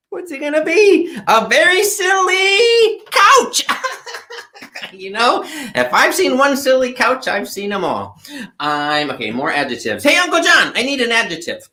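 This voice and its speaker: Someone doing a goofy puppet host, sing-songy and giggly, bright voice that swoops way up and down. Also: mid-range voice. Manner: bouncy, giggly, sing-song. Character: silly, playful puppet who sings word games. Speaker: puppet host of a kids' show.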